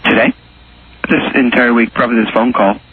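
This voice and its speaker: Male phone-in guest, rambling and halting; quick and lowish, over a tinny phone line. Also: steady tone. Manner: halting, rambling, with many restarts. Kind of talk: phone interview on talk radio.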